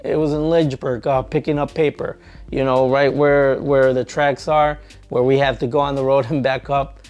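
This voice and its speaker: A man who trains truck drivers tells a story in a casual vlog, acting out both sides of an argument with lively energy. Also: mid-range voice, moderate pace, muffled recording, soft background music.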